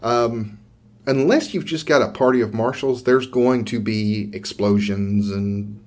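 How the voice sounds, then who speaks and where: A man from Georgia co-hosting a tabletop gaming podcast, chatting casually with jokes and halting restarts. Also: fairly low pitch, fairly even intonation, darkish tone. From Georgia, USA. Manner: joking, self-deprecating, halting with restarts. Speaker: podcast co-host. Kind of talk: casual chat.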